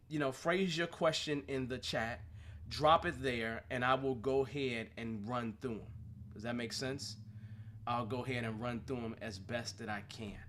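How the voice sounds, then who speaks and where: A male live stream talk show host, who also trains people in Scrum, discusses his work animatedly with rhetorical questions and plenty of laughs. His voice is medium in pitch and a bit bright.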